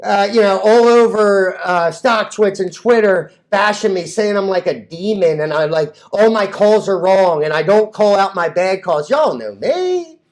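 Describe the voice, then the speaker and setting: A young man talks in a cocky, brash vlog rant about trading. His voice sits high for a man. He jokes loosely and laughs at his own lines. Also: moderate pace, few pauses. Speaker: stock vlogger.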